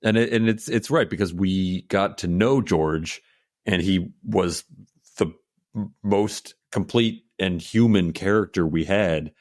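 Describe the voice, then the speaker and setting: Deep-voiced man breaking down a movie. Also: a little mellow, no room sound, studio quality. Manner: measured, analytical, repeats words while thinking. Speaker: podcast co-host. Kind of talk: casual film review chat.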